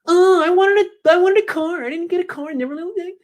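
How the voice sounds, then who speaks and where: A man putting on a high, whining voice as a grown man sulking like a child. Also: a little fast.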